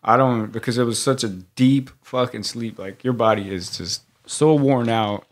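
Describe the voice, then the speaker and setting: A man's voice: medium pitch, normal speed. Laughing, profane male podcast storyteller. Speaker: podcast co-host. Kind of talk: casual storytelling chat.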